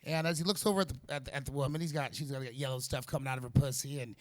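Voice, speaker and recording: A man's voice: medium pitch, fairly even intonation. A nervous man doing amateur stand-up, telling rambling jokes with lots of fillers and restarts. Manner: rambling, halting delivery with many fillers and restarts. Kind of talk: stand-up comedy set. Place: small comedy venue in a vape shop.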